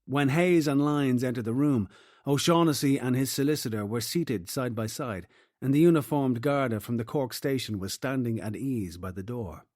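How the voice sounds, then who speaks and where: A man reading a crime novel as narrator in a steady, even manner. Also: mid-range voice, moderate pace, no echo, studio quality. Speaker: audiobook narrator. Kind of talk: scripted narration.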